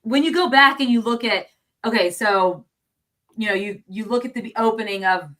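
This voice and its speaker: A woman's voice: fairly high pitch, moderate pace, fairly bright tone. Rambling woman co-host discussing a film. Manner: rambling, thinks aloud with many restarts.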